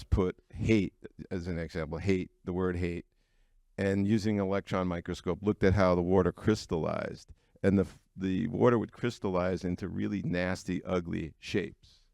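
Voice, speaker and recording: A man's voice: low-pitched, gravelly, darkish tone, no room sound, studio quality. A middle-aged man telling personal stories to a live audience in a frank, conversational way, with frequent fillers. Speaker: keynote speaker at an entrepreneurs' breakfast. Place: event venue before an audience.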